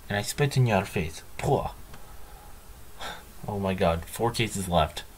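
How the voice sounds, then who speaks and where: A man's voice: on the low side, moderate pace, a little hiss or hum. A man hosting a let's play, commenting in a dry, sarcastic, self-mocking way. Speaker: gaming channel host.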